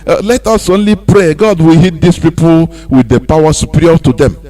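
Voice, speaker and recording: An expressive, mellow man's voice, on the high side and at normal speed, comes from a radio studio. The host, who has a Nigerian accent, gives an impassioned, preachy monologue full of rhetorical questions that shifts into sing-song emphasis.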